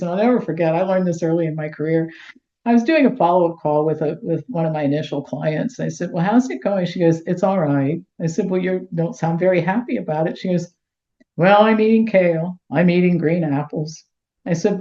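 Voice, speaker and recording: A middle-aged woman being interviewed, telling lively anecdotes and acting out the dialogue. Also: lowish voice. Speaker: guest, health doctor. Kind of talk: storytelling in interview. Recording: roomy, dull lo-fi sound.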